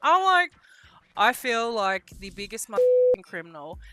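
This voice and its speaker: A woman tells a personal story in a casual vlog. Her voice is bright and forceful, and she curses easily. She acts out what people said in a lively way. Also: on the high side, moderate pace, soft background music. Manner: casual, swears freely. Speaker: vlogger.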